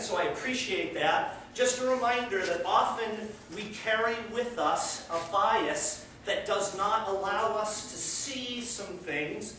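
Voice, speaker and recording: A man teaching a college class, conversational and encouraging, and an animated storyteller. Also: sits high, slow, hardly any pauses, a little hiss or hum. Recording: echoey classroom, heard from far off.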